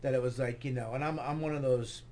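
A man telling an animated story as a comedian guest, swearing and acting out quotes loudly. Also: medium pitch, fast talker. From New York area.

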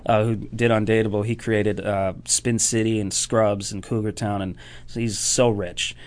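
A man's voice: lowish voice, normal speed. A man telling comedy stories in casual chat, acting out voices and laughing often. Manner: animated storyteller acting out quotes, laughs often. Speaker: stand-up comedian guest.

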